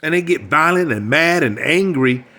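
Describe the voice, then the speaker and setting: A man's voice: a little high, animated, normal speed, sharp tone. Emphatic, preachy older man. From United States. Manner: preachy, emphatic, repeats phrases. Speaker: relationship coach. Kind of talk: monologue.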